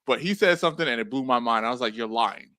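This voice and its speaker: A man co-hosts a wrestling chat, blunt and exasperated, repeating himself for emphasis. His voice is bright and forceful, recorded close and dry. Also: mid-range voice, lively intonation, racing, dry recording. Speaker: podcast co-host. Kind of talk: casual wrestling review chat.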